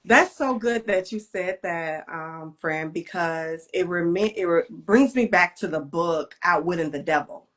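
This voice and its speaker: A woman's voice: on the low side, a little slow, hardly any pauses, a bit bright. A woman co-hosting a casual chat, telling her story in a reflective way and using "like" often. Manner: reflective, storytelling with many "like" fillers. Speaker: co-host.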